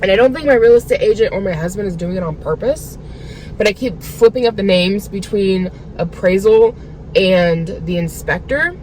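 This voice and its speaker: A woman's voice: medium pitch, darkish tone, slight background noise, low-quality recording. A woman vlogging from her car, talking casually and venting her frustration in a rambling way with lots of filler words. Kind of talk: casual venting vlog to camera.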